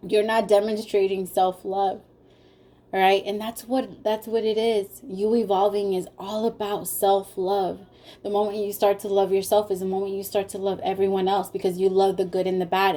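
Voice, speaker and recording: A tarot reader gives a casual spoken reading, talking straight to her viewers with a lot of emotion. Her voice is medium-pitched and warm, and she sounds tearful.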